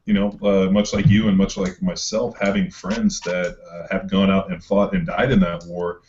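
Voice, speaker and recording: An earnest man with a very low, deep voice, reflecting in casual podcast talk. The sound is dull and lo-fi. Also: level tone, moderate pace, darkish tone, a little hiss or hum. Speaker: podcast co-host. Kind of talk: casual conversation.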